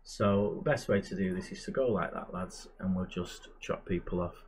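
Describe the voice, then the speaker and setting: A man's voice: low voice, normal speed, a little hiss or hum. A man giving casual, chatty commentary while playing a management game, muttering asides to himself. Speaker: gamer and channel host.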